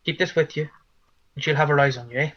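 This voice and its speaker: A man's voice: on the high side, steady tone, quick pace, highs cut off, close to an everyday voice. Man doing a soothing fatherly devotee. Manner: soft-spoken, ends phrases with "eh?".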